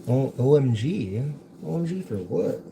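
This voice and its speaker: A man's voice: mid-range voice, big pitch swings, a little slow, warm tone. A young man hosting a casual cooking livestream from his home kitchen, chatting in a rambling, jokey way as he works. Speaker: livestream host. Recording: noisy home livestream audio.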